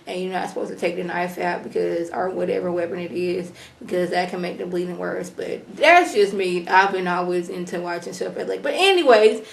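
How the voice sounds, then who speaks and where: A woman recapping a TV episode in an animated, slangy way, acting out characters as she goes. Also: lowish voice, moderate pace, vocal fry, hardly any pauses, echoey room. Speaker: TV episode reviewer. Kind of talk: casual TV recap vlog.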